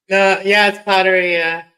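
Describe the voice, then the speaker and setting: Bright, clear-voiced chatty man. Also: high voice, flat delivery, unhurried, low-quality recording. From Mexico. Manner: chatty, laughs easily, drifts between topics. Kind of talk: casual late-night stream chat.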